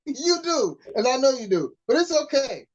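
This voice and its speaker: A woman co-hosting a casual podcast chat, teasing her co-host and pausing often as she searches for words. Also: high-pitched, big pitch swings, lo-fi sound, crowd noise. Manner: playful teasing, drawn-out pauses.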